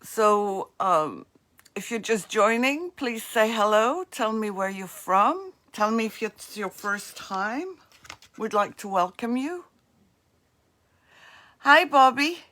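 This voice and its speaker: A woman's voice: a little high, expressive, takes it slowly, sharp tone. A woman with a New Jersey accent, hosting a crafts livestream and chatting casually with viewers in the comments. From northeastern US. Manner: chatty, friendly asides to commenters.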